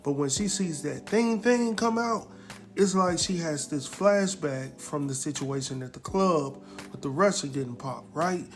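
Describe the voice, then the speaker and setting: A man recapping a TV episode in a casual, animated way, exclaiming and chuckling as he talks straight to his viewers. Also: fairly high pitch, unhurried, soft background music.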